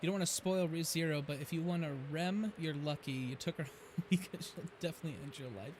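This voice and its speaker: This American man's voice is fairly high, a little fast and a little mellow, with slight background noise. He's a gaming streamer chatting loosely with viewers mid-game, drifting between topics and laughing readily over faint game music.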